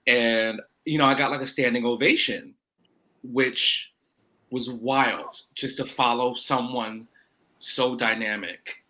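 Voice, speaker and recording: A man from Florida, a wrestler guesting on a podcast, telling a rambling story full of quoted self-talk and quick asides. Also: mid-range voice, bright, forceful tone, low-quality recording. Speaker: indie pro wrestler guest. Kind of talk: casual podcast chat.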